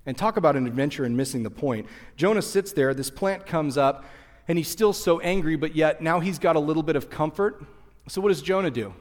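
Male pastor, animated sermon delivery, slightly high voice, long hall echo. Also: fairly quick. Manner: animated, acts out voices of people in the story.

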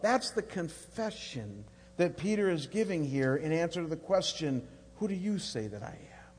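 A man preaching a sermon to his congregation, rising into loud, high, repeated declarations as he builds his point. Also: breathy edge. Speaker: pastor. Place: large church hall. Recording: long hall reverb.

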